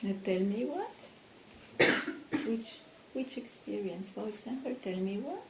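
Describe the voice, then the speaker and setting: A woman spiritual teacher in a satsang dialogue, talking slowly and probing with questions. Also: medium pitch, big pitch swings, vocal fry. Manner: slow, probing, questions the listener. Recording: echoey room with faint noise.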